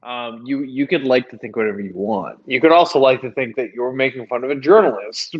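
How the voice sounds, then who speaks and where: A man co-hosting a casual podcast, telling a story with lively mimicry. He is drunk. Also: medium pitch, brisk, hardly any pauses, no room sound, dull audio. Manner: animated storytelling, mimics people. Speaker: podcast co-host. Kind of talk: casual chat.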